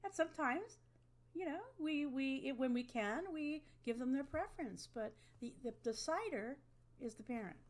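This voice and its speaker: A woman's voice: sits high, animated, normal speed. A woman teaching an online class to a webcam, talking in a conversational way and often checking in with "okay?". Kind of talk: online lecture.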